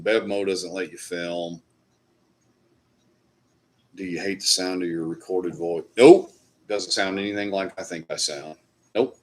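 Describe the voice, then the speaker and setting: A man hosting a casual live stream, chatting loosely with viewers and swearing now and then. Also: deep voice. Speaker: livestream host. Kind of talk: casual live chat reading comments.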